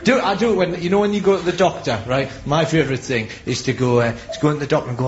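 A man doing stand-up with quick, excitable storytelling that bursts into shouting. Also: medium pitch, slight background noise. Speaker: stand-up comedian. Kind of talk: stand-up set. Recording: muffled echoey live recording with music.

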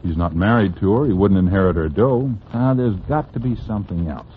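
A man playing a scheming newspaper reporter in an old radio drama, brisk and probing. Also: sits low, expressive, a little hiss or hum. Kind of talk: 1940s radio acting. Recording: tinny old radio broadcast.

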